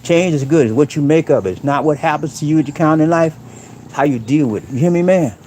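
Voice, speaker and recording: A man's voice: fairly high pitch, fast talker, warm tone, slight background noise. A middle-aged man, chatting bluntly on a live stream from outdoors in a rural area, calling out to viewers with slang. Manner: preachy, blunt, talks straight to viewers with slang. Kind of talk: casual live-stream chat.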